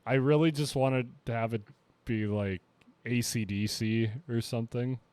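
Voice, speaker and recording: A man's voice: medium pitch, fairly even intonation, moderate pace, darkish tone. A young man co-hosting a casual podcast, laid-back and dry as he steers the conversation. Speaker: podcast co-host. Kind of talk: casual chat.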